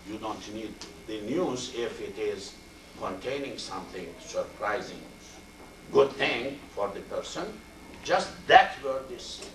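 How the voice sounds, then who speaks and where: An older man teaching a Quran and Arabic class, speaking slowly and repeating Arabic word forms as he explains them. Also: lowish voice, noisy background. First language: Turkish. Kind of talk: classroom tafsir lecture. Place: mosque classroom. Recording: roomy, distant amateur video recording.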